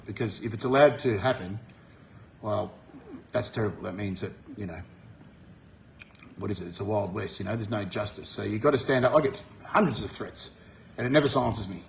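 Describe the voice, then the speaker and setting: An Australian man talking bluntly to his viewers, swearing often and jumping up in pitch when he gets fired up. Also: a little hiss or hum. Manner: forceful, swears freely, rises sharply when fired up. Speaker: vlogger. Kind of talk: blunt monologue to camera.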